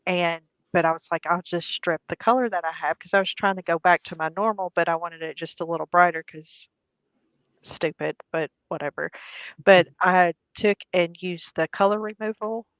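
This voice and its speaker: A woman's voice: lowish voice, steady tone, moderate pace, no echo. A woman co-host in casual chat, talking in an easygoing, hesitant way. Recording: dry, dull lo-fi sound.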